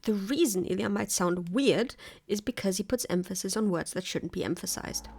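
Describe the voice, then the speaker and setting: A woman's voice: medium pitch, normal speed, gravelly, a little mellow. A woman narrating a scripted video essay, analytical and wry.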